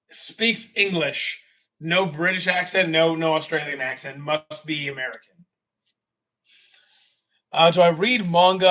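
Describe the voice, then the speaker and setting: Bright-voiced man answering chat, off-mic. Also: fairly high pitch, recorded from a distance. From Canada. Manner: rambling, self-correcting, exasperated asides. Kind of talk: casual live chat.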